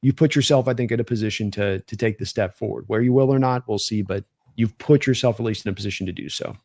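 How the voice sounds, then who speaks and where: A man's voice: fairly low pitch, fast, a little mellow, no echo. A man co-hosting a casual sports talk stream, opinionated and rambling with restarts. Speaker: podcast co-host.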